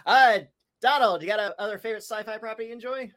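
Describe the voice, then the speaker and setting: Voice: medium pitch, fast, a bit bright. A host running a virtual convention panel over a video call in an upbeat, polished presenter manner.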